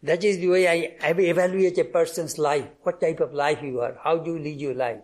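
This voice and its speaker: A man's voice: fairly high pitch, steady tone, a little fast. A man giving a devotional talk, telling anecdotes and acting out bits of dialogue, coughing often, with frequent restarts. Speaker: spiritual speaker.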